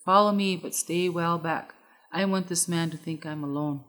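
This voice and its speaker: A woman reading as a resolute warrior father from a storybook, speaking in a low, measured way. The voice sits on the low side and comes out firm and steady. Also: natural voice. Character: grave determined warrior father, middle-aged man.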